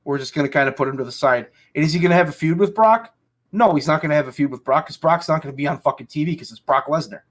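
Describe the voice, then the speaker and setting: A man hosting a casual podcast chat rants angrily and swears heavily. His voice is a little high, and he talks fast.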